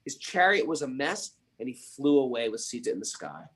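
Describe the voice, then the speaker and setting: A man's voice: medium pitch, sing-song, fairly quick, a bit bright, slightly rough. A man hosting a spiritual podcast, retelling stories with emphatic rhetorical questions. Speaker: podcast host. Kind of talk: spiritual storytelling and teaching.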